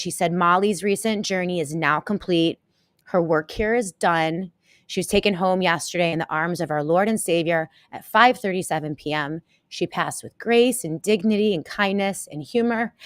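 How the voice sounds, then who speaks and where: A woman hosting a live show, talking to her viewers in a halting, emotional way and close to tears. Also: fairly low pitch, no room sound. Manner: halting and emotional, many pauses and restarts. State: tearful, close to crying. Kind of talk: casual live-stream talk to viewers.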